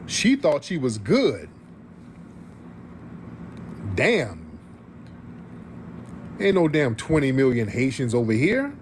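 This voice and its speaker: A man's voice: medium pitch, huge pitch swings, slow, long pauses, a little hiss or hum. A man from the United States hosting a livestream, ranting in heated, profane reaction commentary and repeating his points for emphasis. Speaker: livestream host.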